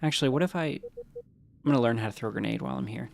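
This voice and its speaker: A man's voice: medium pitch, rapid-fire, gravelly, darkish tone. A man streaming a video game, rambling casually, answering chat, and making jokey asides, with a stuffy nose from allergies. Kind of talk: casual live-stream chat while playing.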